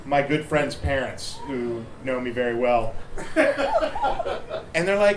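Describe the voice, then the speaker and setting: A man's voice: medium pitch, animated, takes it slowly, pauses often. A man from Ohio doing a loose, rambling stand-up set at a bar open mic, full of fillers and restarts. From Ohio, USA. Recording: echoey bar room with crowd noise.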